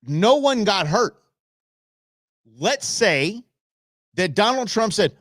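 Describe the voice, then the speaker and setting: A man hosts a live political show from a small studio, sarcastic and loose, dropping into mocking impressions. His pitch leaps up and down as he goes. The sound is close and dry, with no room around it. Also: sing-song, slow pace, pauses often, a bit bright, dry recording. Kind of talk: casual live-stream political commentary. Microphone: studio microphone.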